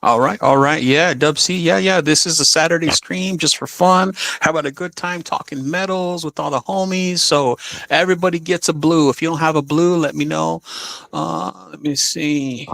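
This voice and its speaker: A man's voice: on the high side, steady tone, moderate pace, vocal fry, a bit bright, dry recording. Chatty man with a dry sound. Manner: upbeat and chatty, many fillers. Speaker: livestream host. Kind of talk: casual chat reading out viewer comments.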